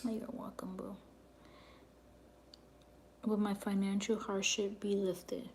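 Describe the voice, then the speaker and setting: A woman's voice: mid-range voice, little pitch movement, takes it slowly, darkish tone, a little hiss or hum. A woman chatting casually on a livestream as a psychic reader, laughing often and sometimes dropping to near whispers. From New York.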